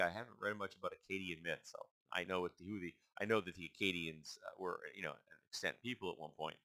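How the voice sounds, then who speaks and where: A man with a low, forceful voice reads through a list and muses on each entry. He speaks in a casual, halting way and stumbles over names he does not know. The sound is dry and close, with no room echo. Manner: thinks aloud, halting over unfamiliar names. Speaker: channel host. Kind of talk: casual musing while reading a list aloud.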